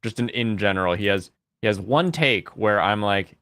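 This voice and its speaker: Smooth-voiced man hosting a chatty stream. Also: on the low side, expressive, moderate pace, fairly bright tone, no echo. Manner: rambling, laughs often, thinks aloud. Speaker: host. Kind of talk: casual livestream chat.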